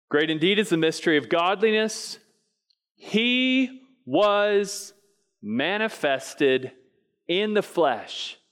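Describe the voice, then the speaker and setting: A man preaching a sermon, repeating key phrases for emphasis and putting questions to the congregation. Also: mid-range voice. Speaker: pastor.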